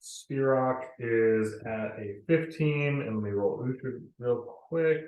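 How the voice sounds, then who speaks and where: A man's voice: mid-range voice, echoey room, muffled recording. A man playing in a tabletop game, chatting casually and keeping track of numbers. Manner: quick, informal, tracks numbers. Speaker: player.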